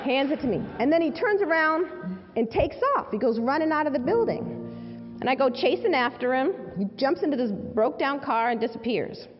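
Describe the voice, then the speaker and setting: A woman's voice: sits high, expressive, fairly quick. A woman, a civil rights lawyer, giving a public speech and telling a personal story with emphasis, repeating key phrases. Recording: echoey hall, dull sound, faint music underneath.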